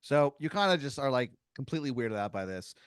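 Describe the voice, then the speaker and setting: A man hosting a comedy podcast, improvising a story in a rambling, halting way with many fillers and giggles. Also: medium pitch, very animated, clear, resonant tone, dry recording, studio quality. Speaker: podcast host.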